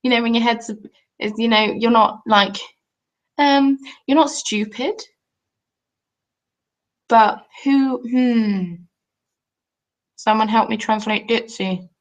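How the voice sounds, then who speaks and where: On her home live stream, a cheerful young craft YouTuber rambles off the cuff, losing her thread and picking it back up as she reads out and responds to viewer comments. Her voice is fairly high and slow with long pauses, and the sound is lo-fi.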